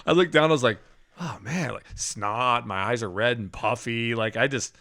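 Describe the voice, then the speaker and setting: A man with a voice of middling pitch recounts a personal spiritual experience on a faith podcast. He tells it casually and animatedly, with frequent laughs and self-corrections. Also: normal speed. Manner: animated storytelling with laughs and restarts. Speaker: podcast co-host.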